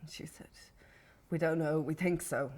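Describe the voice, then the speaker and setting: A woman in a documentary interview, calmly recounting what the doctor told her. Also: low voice, normal speed.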